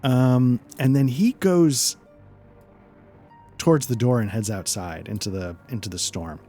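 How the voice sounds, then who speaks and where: A man's voice: medium pitch, unhurried, warm tone, soft background music. Rambling male game master. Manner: rambling, hesitant narration with many fillers. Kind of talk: narrating a tabletop game.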